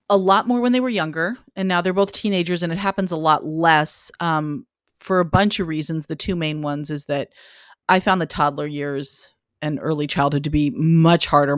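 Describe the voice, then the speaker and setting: A woman's voice: sits low, no room sound, studio quality. A woman in her forties, a parenting author, explaining candidly in a podcast interview with self-deprecating humor.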